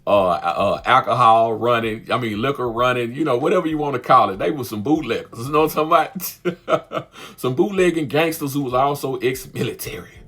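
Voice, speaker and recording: A man giving a casual, chatty spoken review of a film, animated and often laughing, with frequent asides to his listeners. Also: mid-range voice, a little fast, husky. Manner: chatty and animated, laughs often, keeps asking "you know what I'm saying". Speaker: movie reviewer, channel host.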